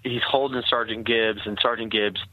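A man's voice: lowish voice, fairly even intonation, moderate pace, no echo. A man, a former army captain, earnestly telling a personal war story in casual conversation, with many fillers and restarts. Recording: tinny phone-like line.

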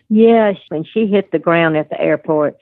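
A woman's voice: fairly low pitch, no echo. An older woman with a Southern US accent, telling family stories as an interview guest with easy fillers. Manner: storytelling, warm anecdotes with fillers. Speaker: guest, adoptive mother. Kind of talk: conversational interview. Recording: tinny phone line.

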